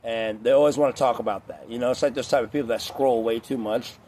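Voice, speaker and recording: A man's voice: mid-range voice, fairly even intonation, fast, warm tone, slight background noise. Male vlogger, mid-range voice, loose profane rambling delivery, faint background ambience. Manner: rambling, profane, heavy on filler words. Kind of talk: casual rant to camera.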